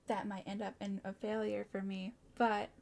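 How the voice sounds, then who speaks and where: A woman's voice: mid-range voice, little pitch movement, moderate pace, creaky, a little mellow. A woman streamer chatting casually with her live chat, bubbly, often gasping and giggling and tripping over her words.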